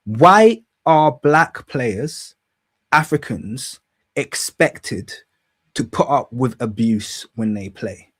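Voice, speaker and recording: A male show host in full rant, voice at an ordinary middle pitch. He talks heatedly, swears without hesitation and repeats lines to drive his point home. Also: lively intonation, drawn-out words. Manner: heated, ranting, swears, repeats himself for emphasis. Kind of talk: solo opinion monologue.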